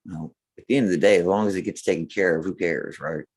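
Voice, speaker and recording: A man's voice: low voice, quick pace, a little mellow, breathy edge, dry recording. A man with a Texan accent giving advice on a casual live show, often checking in with "right?". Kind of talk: casual live-stream chat.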